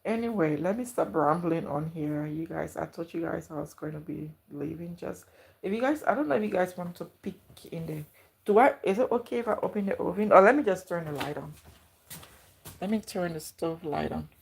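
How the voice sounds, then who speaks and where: A woman's voice: lowish voice, animated, a little fast, creaky. A woman livestreaming from her home kitchen, chatting casually and gushing thanks to her viewers. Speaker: YouTuber livestreaming.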